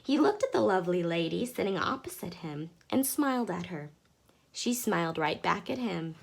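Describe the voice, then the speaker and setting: A woman reading a children's book aloud in a lively, expressive way. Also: fairly low pitch, moderate pace, creaky. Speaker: storyteller.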